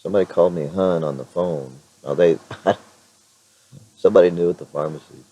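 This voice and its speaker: A middle-aged man chatting in a casual vlog with a hoarse, raspy voice, rambling with many fillers and restarts. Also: low voice, fairly quick, warm tone, lo-fi sound. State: clears throat now and then. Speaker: vlogger.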